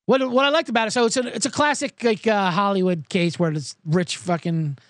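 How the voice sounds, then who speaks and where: A man's voice: high-pitched, brisk, a bit bright, dry recording, studio quality. A male podcast host telling a profane, sarcastic comedic story and acting out the people in it. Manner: profane, sarcastic, acts out quoted voices.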